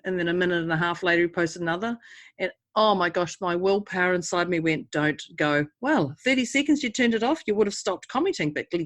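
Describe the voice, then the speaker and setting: Kiwi lady cohost, giggly casual chat, mid pitch, dead dry room. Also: no room sound. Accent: New Zealand. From New Zealand. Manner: laughs often, bursts into silly greetings. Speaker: podcast co-host.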